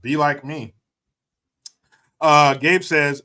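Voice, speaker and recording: A man with a bright, fairly high voice that swings up and down as he chats. He reads viewer messages aloud and jokes back with laid-back, profane banter, like a relaxed livestream host. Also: moderate pace. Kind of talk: casual chat.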